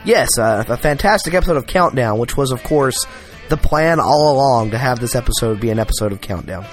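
A man's voice: mid-range voice, lively intonation, fairly quick, soft background music. Dry, sarcastic podcast co-host man. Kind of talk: casual comedic podcast chat.

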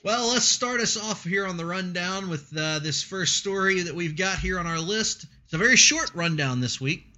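Bright-voiced male podcast host. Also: high-pitched, expressive, moderate pace, dull audio. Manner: chatty, laughs often, breaks into a mock radio announcer voice. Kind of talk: casual podcast chat.

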